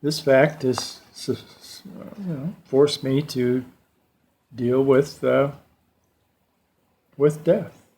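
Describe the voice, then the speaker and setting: At a church service, an older male lay speaker gives a slow, reflective personal talk, telling stories with pauses. His voice is medium-pitched and warm.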